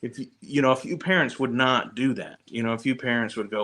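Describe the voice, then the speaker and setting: A man's voice: medium pitch, a little fast, few pauses, pushed and bright, a little hiss or hum. A man co-hosting a casual chat, thoughtful and hedging with "you know". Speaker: podcast co-host. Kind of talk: casual after-show chat.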